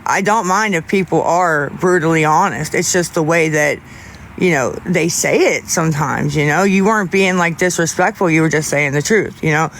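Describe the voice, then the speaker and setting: A young man livestreaming, chatting casually with viewers in a rambling, halting way with many restarts. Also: a little high, a bit bright, slight background noise.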